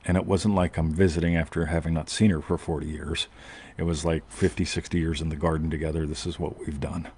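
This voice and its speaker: This podcast host from the United States has a very deep, husky, darkish voice with little pitch movement, and he talks a little fast. He rambles casually through a long personal story, cutting himself off and tossing in "right?" again and again.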